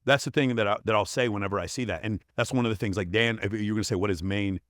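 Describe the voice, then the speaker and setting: A man's voice: fairly low pitch, racing, fairly bright tone, dry recording, studio quality. Blunt, profane man on a podcast. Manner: blunt, profane, emphatic storytelling. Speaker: podcast guest. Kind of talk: casual interview conversation.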